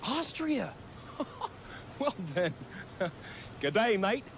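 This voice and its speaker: A man's voice: high voice, very animated, very slow, vocal fry, background noise, pitched above the performer's own voice, full character voice. A man putting on a jokey, exaggerated mock-Australian voice, with theatrical cheer, from off mic. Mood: mock-cheery.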